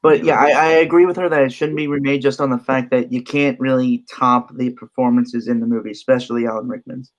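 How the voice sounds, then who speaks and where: A man's voice: medium pitch, fairly even intonation, fairly quick, hardly any pauses. Man reading podcast list notes. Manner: reads prepared notes, dry asides. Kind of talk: casual chat mixed with reading a script. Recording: dull lo-fi audio.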